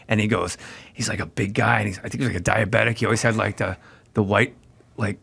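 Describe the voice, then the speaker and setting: A man, a guest on a casual podcast, telling stories with animated quoted voices and quick asides, laughing as he talks. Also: lowish voice, vocal fry, breathy edge. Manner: animated storyteller acting out quotes. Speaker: guest actor.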